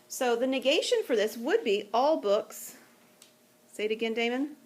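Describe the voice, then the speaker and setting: A woman's voice: on the high side, expressive, moderate pace. Patient woman teaching a classroom math lesson. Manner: patient, conversational, checks in with students often. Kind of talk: classroom lecture.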